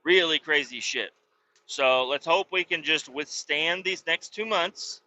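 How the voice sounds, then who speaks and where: A man's voice: a little high, a little slow, sharp tone, rough recording. A man hosting a podcast, ranting in a rambling comedic way with lots of swearing and filler words. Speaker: podcast host. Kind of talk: comedic political rant.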